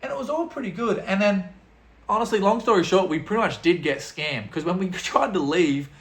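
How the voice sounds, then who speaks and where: A young man telling an animated, slangy story full of swearing, as a vlogger. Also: sits high, fairly quick, echoey room. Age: young adult. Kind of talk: storytelling vlog.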